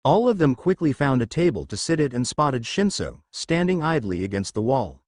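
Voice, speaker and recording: A man narrating a fan-written story in a lively, expressive reading voice. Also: mid-range voice, moderate pace, few pauses, no room sound, clean studio sound. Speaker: fanfiction narrator.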